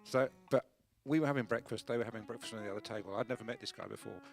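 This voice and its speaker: A man's voice: mid-range voice, rapid-fire, creaky. An English man in a band, telling anecdotes in casual banter between songs. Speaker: band member. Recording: loud band music behind. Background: guitar music.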